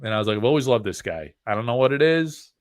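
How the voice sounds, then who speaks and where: Quick-paced and animated, this mid-range male voice belongs to an upstate New Yorker hosting a card-opening stream. His casual livestream talk is loose, rambling and packed with filler words.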